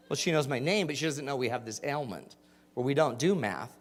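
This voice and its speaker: A man's voice: a little high, a little fast. A man in his forties from Utah, a motivational speaker telling funny personal stories and quizzing his audience. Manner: animated, jokey, asks the audience questions. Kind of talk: storytelling keynote talk. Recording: hall with long reverb.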